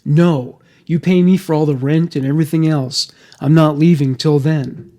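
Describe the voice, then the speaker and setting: A man voicing a sleazy, demanding boyfriend in a story, reading the lines flatly and smugly. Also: fairly high pitch, normal speed, lightly acted.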